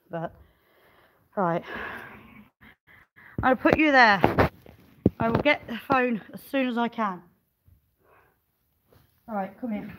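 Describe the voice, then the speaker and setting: There's a little hiss or hum behind this farmer vlogger's fairly high voice. In a sheep pen, she coaxes and urges a ewe while wrestling it, sighing, cursing, and turning to her viewers between the struggles.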